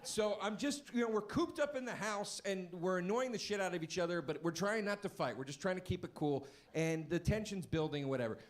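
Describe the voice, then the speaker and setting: Animated comedian man, wildly lively pitch. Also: fairly quick, few pauses. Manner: animated storyteller who jumps to high yelling voices. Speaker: stand-up comedian. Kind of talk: stand-up routine.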